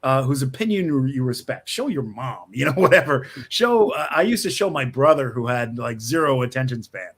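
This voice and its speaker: Animated middle-aged male screenwriter storytelling. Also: mid-range voice, normal speed, hardly any pauses, breathy edge. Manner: animated storyteller, frequent restarts, laughs often. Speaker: screenwriter, guest. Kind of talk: conversational interview. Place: his office. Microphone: video call.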